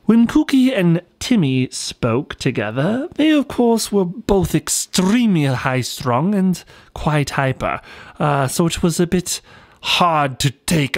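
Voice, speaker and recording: A man's voice: on the high side, big pitch swings, slow pace, no echo, clean studio sound. A man narrating a cartoon storybook in a playful, whimsical way.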